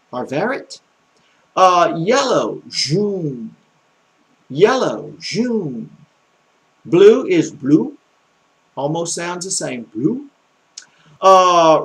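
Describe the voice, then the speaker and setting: A man with a Southern country accent talks through a homemade language lesson, slow and halting. His voice is gravelly and sits a little high for a man. He pauses often, repeats himself and fills gaps with drawn-out uhs. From American South. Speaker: amateur French teacher. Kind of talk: casual home video lesson.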